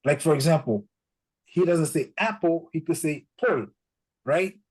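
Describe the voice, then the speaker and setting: A man's voice: on the high side, measured pace, husky, poor audio. A man, talking casually as a guest and acting out quotes from parents and children. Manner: animated storyteller, acts out quotes. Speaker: guest speaker. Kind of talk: casual chat, code-switching.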